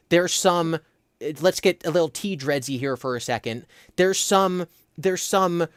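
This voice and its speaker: A man hosting a casual livestream, telling a story with animated energy and quick put-on voices. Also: a little high. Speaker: host.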